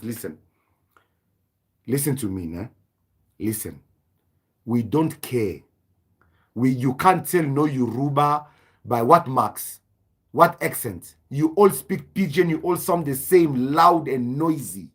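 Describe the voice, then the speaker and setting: A man's voice: medium pitch, animated, measured pace, long pauses, slightly rough. A man hosting a live stream, lecturing in a combative, repetitive rant. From southern Africa. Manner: combative, lecturing, repeats himself for emphasis.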